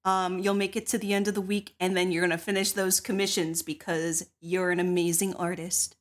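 A woman's voice: lowish voice, level tone, brisk. A woman hosting a stream who chats casually and reads out donations in a bubbly, giggly way. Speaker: stream host. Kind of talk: casual chat, reading donations.

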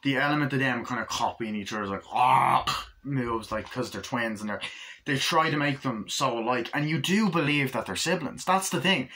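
Bright and forceful at a normal speed, a male movie reviewer wanders through his take on a film. Profanity comes often, and he jumps into a higher voice to act out scenes.

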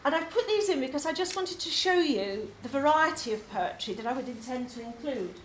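A woman's voice: high voice, lively intonation, fairly quick. An English woman presenting her poetry course to a group, enthusiastic and chatty with frequent ums. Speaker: poetry tutor. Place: labour club hall. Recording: echoey hall, faint noise.

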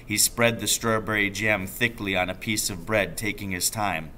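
A male teacher reading a children's book aloud in slow, measured narration. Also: on the low side, fairly even intonation, bright, forceful tone, slight background noise.

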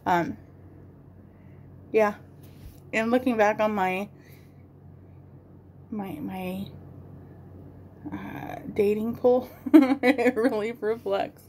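A woman's voice: medium pitch, steady tone, extremely slow, long pauses, darkish tone, slight background noise. A woman in her thirties chatting casually and rambling while doing her makeup at home, swearing freely. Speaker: beauty vlogger.

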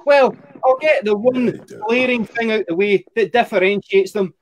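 A young Scottish man working through a stand-up set with a wry, deadpan delivery and plenty of swearing. His voice sits very high for a man, and he spins his stories in an unhurried, dry way. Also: slight background noise. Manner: wry, profane, deadpan storytelling. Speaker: stand-up comedian.

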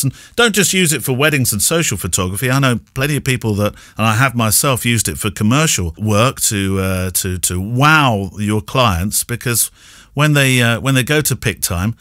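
A man's voice: mid-range voice, animated, normal speed, fairly bright tone, no room sound, clean studio sound. A man from Yorkshire with a received pronunciation accent, co-hosting a casual podcast in a chatty, playful way. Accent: received pronunciation English. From Yorkshire, England. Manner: chatty, playful, laughs often. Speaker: podcast co-host.

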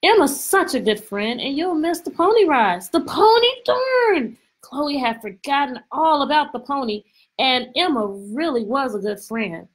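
A woman teacher reading a picture book aloud to her class over a video call, expressive and full of questions. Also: high-pitched, moderate pace, breathy edge, low-quality recording. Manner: lively, expressive, stretches words, asks questions. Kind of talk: storybook read-aloud lesson.

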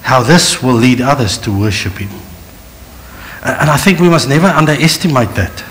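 Hiss or hum runs lightly under this low-quality recording of a middle-aged South African pastor. His medium-pitched, slightly bright voice keeps a moderate pace while he performs biblical scenes with varied voices, alternating between story and direct appeal.

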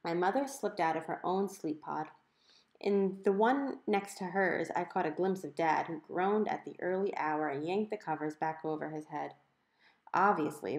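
A woman narrating a children's novel aloud in a clear, conversational storytelling manner. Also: lowish voice. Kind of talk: audiobook narration. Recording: roomy echo.

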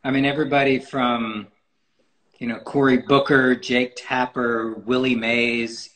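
A man's voice: mid-range voice, little pitch movement, a little slow, fairly bright tone, low-quality recording. A man talking as a guest in a casual interview, rambling with many fillers and restarts. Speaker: photographer guest. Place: podcast recording.

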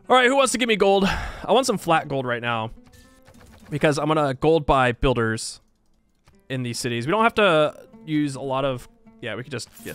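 Lively, chatty young man streaming. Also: medium pitch. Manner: chatty, jokey, laughs often, talks to himself and chat. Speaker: streamer playing a strategy game. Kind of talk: casual gameplay commentary.

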